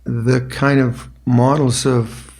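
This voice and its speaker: An older man, a meditation teacher, giving a reflective dharma talk on a retreat, speaking slowly with pauses and restarts. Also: mid-range voice, level tone, darkish tone.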